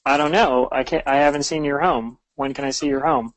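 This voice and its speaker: A man's voice: mid-range voice, steady tone, brisk, no echo, low-quality recording. A man, a trainee agent, answering questions on a training call in a plain, matter-of-fact way.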